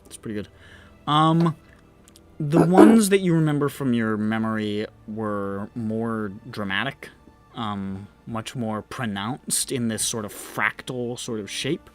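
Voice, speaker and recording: A man acting as game master for a tabletop game, describing scenes slowly and tentatively. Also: lowish voice, faint music behind. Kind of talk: narrating a tabletop game, casual chat.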